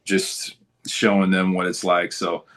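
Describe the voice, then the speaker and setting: A man's voice: sits low, little pitch movement, unhurried, a bit bright. A man talking as a guest in a casual interview, telling stories in a laid-back, good-humored way.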